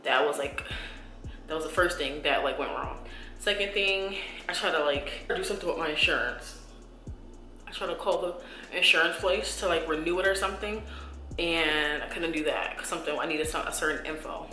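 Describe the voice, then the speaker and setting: A young woman in her twenties talks straight to her viewers in a casual, rambling way, circling back and restarting as she confides. Her voice comes across bright and forward. The room rings with echo, and soft music plays underneath. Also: deep voice, normal speed. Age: 20s. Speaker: beauty vlogger. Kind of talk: casual chat.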